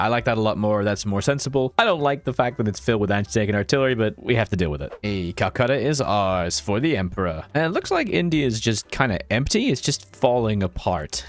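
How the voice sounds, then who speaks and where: A man giving casual, chatty commentary on his own strategy gameplay, reacting quickly with exclamations and laughs. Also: lowish voice, no room sound. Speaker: strategy game streamer.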